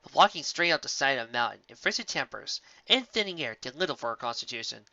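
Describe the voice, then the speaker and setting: Man reading fan fiction, bright and dry. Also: medium pitch, big pitch swings, quick pace, vocal fry, dry recording. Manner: plain reading with slips and restarts. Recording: dull lo-fi recording.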